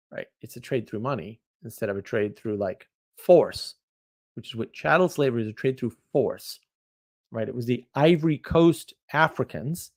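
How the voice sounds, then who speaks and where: A man hosting a casual livestream, chatting and reacting to viewer comments in a rambling, opinionated way, often getting louder or dropping suddenly to a mutter. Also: mid-range voice. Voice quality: rambling, opinionated, quick shifts in loudness. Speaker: livestream host.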